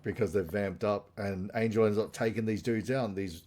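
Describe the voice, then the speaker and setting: A man's voice: on the low side, fairly even intonation, a little fast, a little mellow. Man rambling through a casual plot recap. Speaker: podcast co-host. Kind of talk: casual chat.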